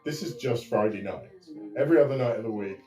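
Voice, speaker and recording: A man's voice: medium pitch, brisk. Joking man, roomy room, music. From England. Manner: jokey, reads viewer comments aloud. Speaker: livestream co-host. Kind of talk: casual livestream chat. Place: home living room. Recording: roomy, distant mic, music behind. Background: music playing.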